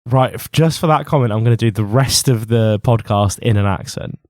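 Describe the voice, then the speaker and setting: A man's voice: lowish voice, fairly quick, a little mellow, no room sound, studio quality. A man co-hosting a comics podcast, talking in a thoughtful, joking, casual way. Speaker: podcast co-host. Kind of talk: casual chat.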